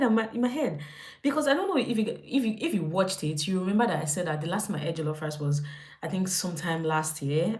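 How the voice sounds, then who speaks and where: A young woman with a Nigerian accent chatting casually on a live stream, animated and acting out her own reactions. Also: lowish voice. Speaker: lifestyle livestreamer.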